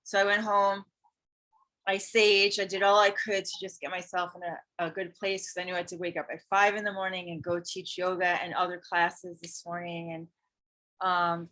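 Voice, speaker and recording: A woman who teaches yoga and spirituality, telling a personal story in casual conversation, earnest and animated. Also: on the low side. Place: Hawaii.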